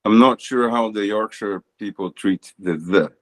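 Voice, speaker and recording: A man's voice: fairly low pitch, unhurried. A man from Brazil with a Brazilian accent, a native Portuguese speaker, chatting as a podcast guest in a dry, teasing way. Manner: dry, teasing, laughs easily. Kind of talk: casual chat.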